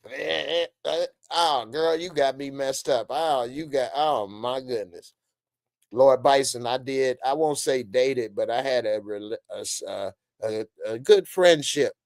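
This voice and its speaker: A man hosting a casual live-stream reaction, reading chat comments, animated with loud bursts and frequent laughs. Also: medium pitch, no room sound, clean studio sound.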